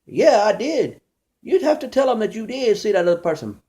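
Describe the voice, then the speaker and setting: A man's voice: sits high, animated, fast, dark tone, lo-fi sound. A man doing a rambling, conversational stand-up comedy monologue, storytelling with many restarts.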